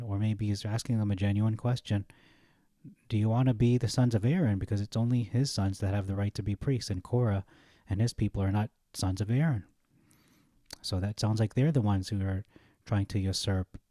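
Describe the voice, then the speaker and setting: A man with a low, mellow voice works through scripture verse by verse. He thinks aloud, stops on fillers and corrects himself as he goes. The recording is close and dry. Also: dry recording. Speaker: Bible study teacher. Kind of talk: reading and commenting on scripture.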